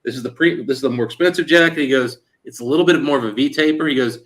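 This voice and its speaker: Bright-voiced man telling a story. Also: mid-range voice, very fast. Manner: animated storyteller quoting others in dialogue; frequent fillers like "like" and "he goes". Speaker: show host. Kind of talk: casual chat.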